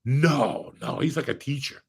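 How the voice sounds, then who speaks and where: A man telling stories in a casual chat, profane and rambling, with a gravelly, raspy voice. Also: medium pitch, a little slow. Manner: profane, storytelling. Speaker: podcast host.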